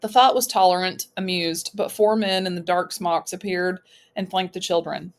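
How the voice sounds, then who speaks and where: A woman narrates a novel as an audiobook reader. Her voice sits fairly low, and she raises pitch and loudness when she speaks for the characters. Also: fairly even intonation, moderate pace. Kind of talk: reading a novel aloud.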